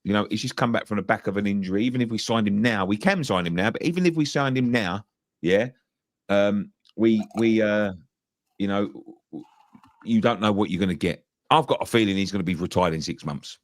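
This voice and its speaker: A man's voice: fairly low pitch, a little fast, no room sound, studio quality. A man co-hosting a football fan show, making his points emphatically and repeating himself for stress. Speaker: fan channel co-host. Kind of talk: casual football opinion chat.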